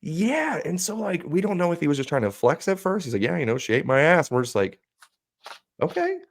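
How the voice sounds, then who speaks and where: A man's voice: on the high side, big pitch swings, quick pace, vocal fry. A man co-hosting a podcast, telling a story casually and animatedly, acting out what his friends said and swearing freely. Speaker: podcast co-host.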